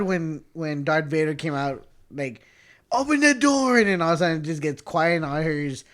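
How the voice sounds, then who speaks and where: A man co-hosting a casual podcast, in his thirties. His slightly high voice leaps around with lively swings of pitch. He laughs a lot, swears freely and trips over repeated words in his excitement. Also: normal speed, long pauses. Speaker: podcast co-host. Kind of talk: casual chat.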